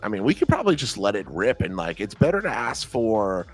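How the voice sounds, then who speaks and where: Low-voiced man telling stories on a stream. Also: a little fast, faint music behind. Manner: animated storytelling, acts out quotes. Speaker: trader and show host. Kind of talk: casual live-stream chat.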